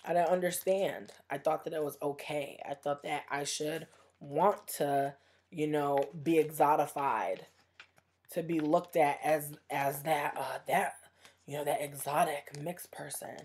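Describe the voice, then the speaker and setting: A woman's voice: sits low, fairly even intonation, unhurried, a little mellow. A young woman vlogging in a casual livestream rant, heated and profane, rambling with lots of fillers.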